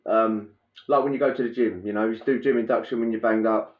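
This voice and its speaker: A man telling a prison story in a casual, animated way, laughing and acting out the scene with sound effects. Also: on the low side, fairly quick. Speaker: podcast host telling prison stories. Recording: roomy, dull lo-fi sound.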